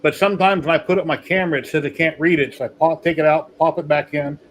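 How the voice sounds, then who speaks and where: A man's voice: fairly high pitch, steady tone, quick pace, a little hiss or hum, low-quality recording. Chatty man hosting a livestream. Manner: rambling storyteller. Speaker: podcast host. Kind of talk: casual livestream chat.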